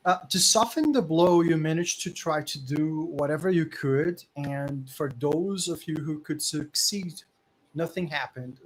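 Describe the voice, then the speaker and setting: A man's voice: fairly high pitch, rough recording. Hesitant male game master. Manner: hesitant, many fillers while describing. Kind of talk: narrating a tabletop game.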